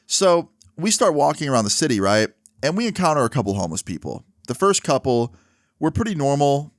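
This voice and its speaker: A man's voice: fairly low pitch, clear, resonant tone, no echo, clean studio sound. A young man telling a personal story casually, dropping "like" and "right?" often. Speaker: vlogger. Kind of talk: storytime monologue.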